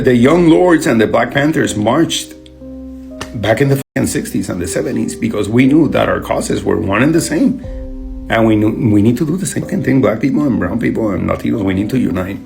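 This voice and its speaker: Man, gravelly fry, angry commentary, swears a lot, faint guitar music behind. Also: medium pitch, darkish tone. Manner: heated, blunt, swears often. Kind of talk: angry social media commentary.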